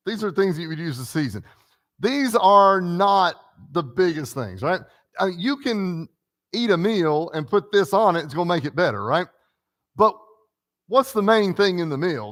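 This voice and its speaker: A man's voice: high-pitched, a bit bright. A preacher leading a conversational Bible class in a church classroom, quizzing the group and peppering his points with "right?" and "okay?".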